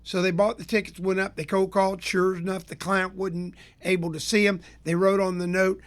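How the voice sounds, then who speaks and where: A man from Florida, a business consultant hosting his own show, telling sales stories in a folksy, energetic rant. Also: high voice, normal speed. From Tampa area, Florida. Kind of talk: storytelling rant to listeners.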